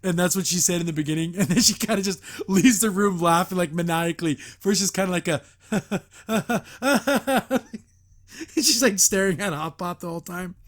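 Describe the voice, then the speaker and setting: Male host, somewhat high-pitched, rambling casual recap, filler-heavy, laughs often. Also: fast talker, few pauses. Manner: chuckles often while recapping. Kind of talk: casual episode review.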